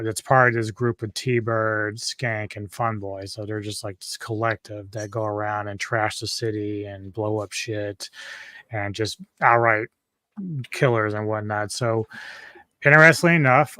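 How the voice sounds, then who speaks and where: A man's voice: on the low side, flat delivery, unhurried, sharp tone, no room sound. A man hosting a casual film review podcast who recaps the plot in a rambling way, often restarting his sentences.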